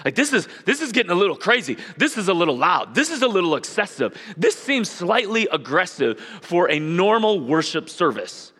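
A man voicing a disapproving religious leader who complains that worship has grown too loud. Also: sits high, very animated, normal speed, few pauses, husky, long reverb tail, full character voice. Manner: prim, complaining.

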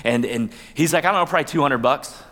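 A man's voice: medium pitch, fast, fairly bright tone. A man pastor giving a conversational sermon, with asides and playful quoted voices. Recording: long hall reverb.

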